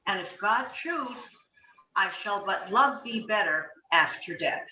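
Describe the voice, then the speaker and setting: A woman recites a poem slowly and earnestly, set fairly high. She sounds far from the mic in a roomy space, on a dull, lo-fi recording. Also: animated. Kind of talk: poetry reading.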